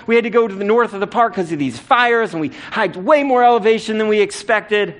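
A man's voice: sits high, animated, a little fast, few pauses, a bit bright. A man preaching a sermon, telling a self-deprecating personal story in a casual, conversational way. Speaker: pastor.

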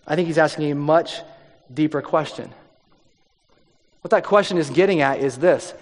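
A man preaching a sermon in a conversational way, dropping his voice low for emphasis. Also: expressive, brisk, long pauses. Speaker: pastor. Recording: long hall reverb.

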